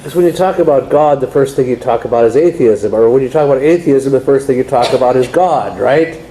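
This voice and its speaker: A man's voice: medium pitch, brisk, warm tone, slight background noise. A man giving a conversational, joking after-dinner lecture as guest speaker in a large hall.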